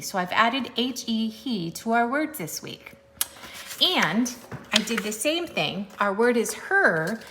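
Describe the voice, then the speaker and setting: A woman teacher giving a recorded sight-word lesson to young children, spelling words slowly and clearly in a playful sing-song way. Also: mid-range voice, bright, forceful tone, slight background noise.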